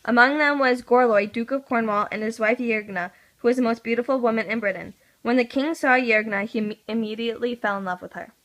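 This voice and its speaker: A woman's voice: a little high, brisk, a bit bright, poor audio. Young woman reading school narration. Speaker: student narrator. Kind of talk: amateur school video narration.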